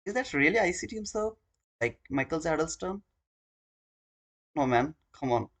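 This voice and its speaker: A man's voice: on the high side, expressive, moderate pace, a bit bright. A man hosting a live trading stream, talking to his viewers in an earnest, informal way.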